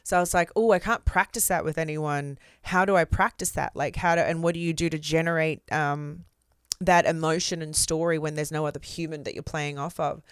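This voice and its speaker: Guest: Australian woman, open and expressive, chatty fillers, smooth tone. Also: low voice, brisk, dry recording, studio quality. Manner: expressive, candid storyteller with casual fillers. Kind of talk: casual interview chat.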